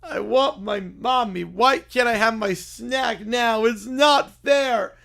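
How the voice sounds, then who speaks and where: Bratty cartoon child, high, slow, whining, put on by a male streamer, slightly gravelly. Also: fairly bright tone, heavily acted. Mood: whiny. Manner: whining, complaining, drawn-out. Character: whiny cartoon bear-child, bratty and scared.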